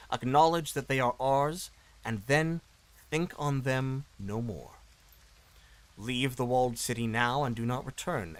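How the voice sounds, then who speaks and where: Raspy ancient demon queen, guy doing the voice, slow and creepy, cruel and grand. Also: medium pitch, fairly bright tone, lightly acted, rough recording. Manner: slow, drawn-out, looming delivery.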